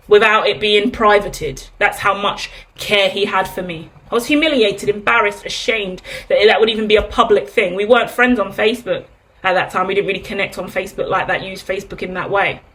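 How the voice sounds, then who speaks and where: A woman's voice: medium pitch, moderate pace, fairly bright tone. A woman in her thirties giving a candid, chatty tarot reading, asking herself rhetorical questions and swearing freely. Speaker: tarot reader. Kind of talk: casual tarot reading monologue.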